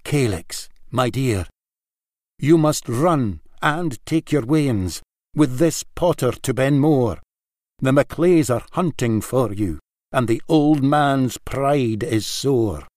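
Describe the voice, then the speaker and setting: A man putting on a crafty old Scottish laird from a storybook, booming and wailing with feigned grief, his voice swooping and climbing high. Unhurried and dramatic, with a dry, close sound. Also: lively intonation, a little mellow, no echo. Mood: commanding.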